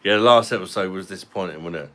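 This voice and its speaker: A man's voice: low-pitched, quick pace, fairly bright tone, slight background noise. A man, chatting casually on a live stream and answering viewers' comments. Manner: laid-back, chatty, reads out viewer comments.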